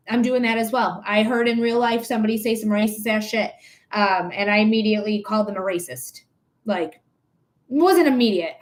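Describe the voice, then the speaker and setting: A young adult woman reading tarot on a livestream, ranting emphatically with repetition and swearing, then thanking viewers. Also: mid-range voice. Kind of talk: casual livestream chat.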